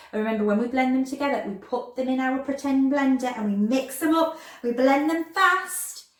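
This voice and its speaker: A woman teaching a phonics lesson to young children, sounding out letters in an animated, sing-song way and stretching words slowly. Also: medium pitch. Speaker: primary school teacher. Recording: echoey room.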